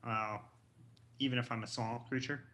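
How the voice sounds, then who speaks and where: A man's voice: mid-range voice, fairly even intonation, normal speed, bright, forceful tone. A man playing a tabletop game, hesitant and full of ums. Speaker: player. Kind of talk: casual game talk.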